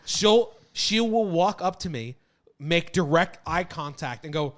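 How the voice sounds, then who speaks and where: A man with a high voice that swings widely in pitch, chatting as a podcast co-host. His delivery is expressive and animated. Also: a little slow. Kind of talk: casual chat.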